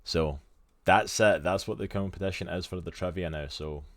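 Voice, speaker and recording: A man's voice: deep voice, moderate pace, no echo, clean studio sound. A Scottish man co-hosting a live stream, chatty and enthusiastic, in casual talk. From Scotland. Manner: chatty and enthusiastic, with lots of "literally" and "like". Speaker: stream co-host.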